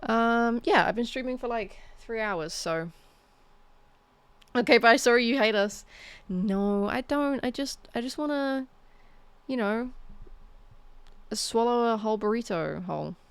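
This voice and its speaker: A woman streamer talks to her chat in an unhurried, easy drawl, her words drifting off into fillers and half-finished thoughts. Her voice is smooth and clean, and she never rushes. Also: on the high side, expressive, no room sound. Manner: rambling, trailing off with fillers. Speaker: live streamer.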